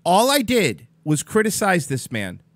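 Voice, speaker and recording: A man's voice: sits high, wildly swooping pitch, unhurried, dry recording. A man hosting a livestream, venting in an exasperated, profane casual rant at his chat viewers. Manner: swears freely, exasperated, addresses chat viewers by name. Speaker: livestream host.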